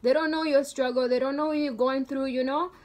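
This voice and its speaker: A young woman vlogger casually telling a story, animated and slangy, with lots of "like" fillers. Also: sits high, brisk.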